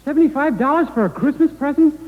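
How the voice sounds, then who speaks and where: Very high-voiced naive young man. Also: fast. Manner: naive, innocent wisecracks. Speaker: comic singer. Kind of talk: 1940s radio comedy. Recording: tinny, hissy old broadcast from a hall.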